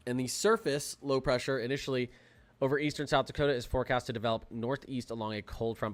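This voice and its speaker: A young man hosting a live weather stream, talking in an excitable, rambling way with lots of fillers and restarts. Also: mid-range voice, fast. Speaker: weather livestream host. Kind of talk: casual livestream commentary.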